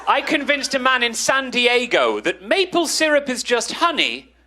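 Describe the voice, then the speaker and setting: A British man doing a dry, deadpan stand-up routine before a live audience. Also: very high-pitched, normal speed. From Britain. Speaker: stand-up comedian. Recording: live show with audience noise.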